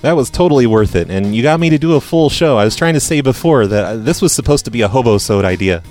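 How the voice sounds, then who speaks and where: A man's voice: medium pitch, expressive, fast, a little mellow, faint music behind. An American man hosting a prank call show, chatting in a wry, offhand way. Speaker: podcast host.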